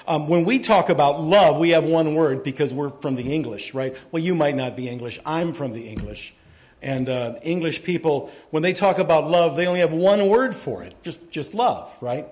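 A man preaching to his congregation in a folksy, joking way, his voice sitting fairly high for a man. He tells stories and gets animated, dropping quiet and then rising loud. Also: moderate pace. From United States. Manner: folksy storytelling, jokes, animated swings in loudness. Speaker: pastor. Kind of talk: sermon.

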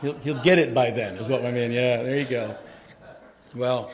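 A man preaching a sermon, telling folksy stories and jokes, his volume swinging from quiet to loud as he gets animated. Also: medium pitch, moderate pace. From United States. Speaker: pastor.

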